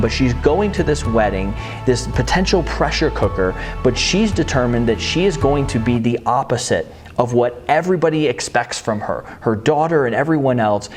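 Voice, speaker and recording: A man hosting an interview, briskly recapping a guest's story before asking his question. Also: medium pitch, a little mellow. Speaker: podcast host. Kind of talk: interview with scene-setting recap.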